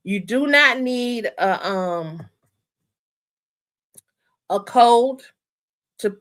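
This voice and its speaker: A woman hosting a casual livestream, walking viewers through her online store in a chatty, excited way and repeating her instructions. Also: fairly high pitch, drawn-out words. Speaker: channel host.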